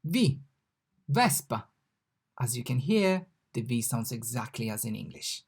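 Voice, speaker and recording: A language mentor giving a recorded online lesson, patiently repeating each example word slowly. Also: mid-range voice, expressive, a little mellow, husky.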